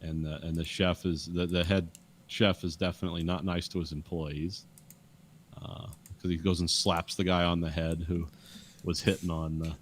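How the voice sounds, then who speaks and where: A man's voice: deep voice, level tone, normal speed, slight background noise. A man in casual podcast chat, rambling with restarts and acting out quotes from a show. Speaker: podcast co-host.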